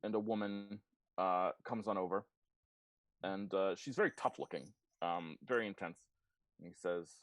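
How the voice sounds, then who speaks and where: A man narrating as game master of a tabletop game, relaxed and amused, with many fillers. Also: low voice, moderate pace, no room sound, clean studio sound.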